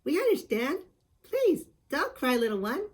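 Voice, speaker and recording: A man voicing a pair of tiny, innocent fairy women in a soft, breathy, high girlish voice, drawing out the vowels gently. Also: big pitch swings, heavily acted. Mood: gentle. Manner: slow and gentle, airy vowels.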